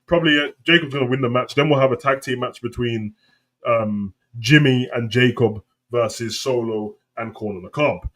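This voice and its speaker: A young British man with London street slang, ranting casually on a live wrestling stream and breaking into loud high outbursts. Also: moderate pace. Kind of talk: live stream reaction chat.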